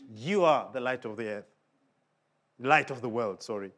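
In a sing-song, somewhat bright voice at a moderate pace, a man preaches an emphatic sermon with big swings in pitch and volume. He frequently puts questions to the congregation.

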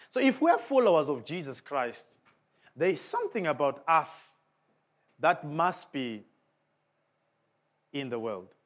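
A man preaches to his congregation with a fairly high voice. He stresses his points hard, his volume swelling and dropping, and he often asks his listeners questions. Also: expressive, measured pace, pauses often. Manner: emphatic, with big swings of pitch and volume. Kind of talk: sermon.

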